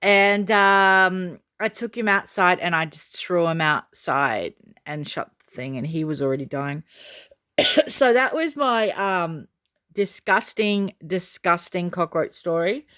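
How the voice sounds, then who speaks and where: A woman vlogger telling a story casually to camera, chatty and excitable with many fillers. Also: fairly low pitch, takes it slowly, clear, resonant tone. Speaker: doll collector vlogger.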